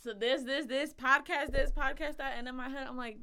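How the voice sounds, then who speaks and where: A woman's voice: sits high, steady tone, brisk, bright, forceful tone, clean tone. A woman co-hosting a podcast, telling a story in casual chat, blunt and profane, acting out the lines of the people in it. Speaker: podcast co-host.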